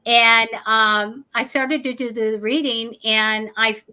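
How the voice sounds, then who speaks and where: Bright-voiced woman telling a ghost story. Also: a little high, slow, clean tone. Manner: animated, chatty, acts out quotes. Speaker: psychic show host. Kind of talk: casual storytelling on a live show.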